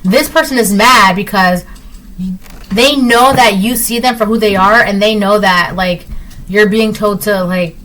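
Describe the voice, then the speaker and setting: A woman's voice: mid-range voice, a little slow, fairly bright tone, a little hiss or hum, poor audio. A woman giving a casual spoken tarot reading at home, talking in an emphatic, repetitive, conversational way with lots of fillers. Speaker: tarot reader.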